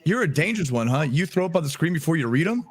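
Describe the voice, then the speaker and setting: Calm man calling plays on a stream. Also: a little high, fast. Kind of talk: casual sports chat.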